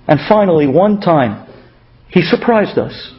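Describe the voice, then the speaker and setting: A humble, poor woman speaks earnestly and pleads, voiced by a man with a high voice in a religious talk. The recording is dull and lo-fi. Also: expressive, measured pace. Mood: pleading. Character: humble poor woman, a water carrier's wife.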